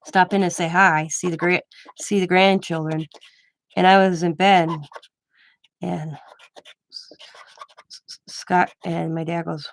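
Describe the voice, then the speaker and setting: A woman's voice: on the low side, little pitch movement, measured pace, creaky, pauses often, dry recording. Chatty older woman telling stories. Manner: rambling and anecdotal, laughing often. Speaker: craft channel host. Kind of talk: casual storytelling chat.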